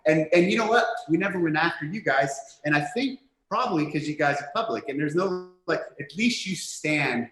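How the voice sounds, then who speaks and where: A man being interviewed as a guest on a podcast, answering in a measured, matter-of-fact way. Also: fairly high pitch, lively intonation, a bit bright, echoey room, rough recording. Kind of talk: casual interview chat.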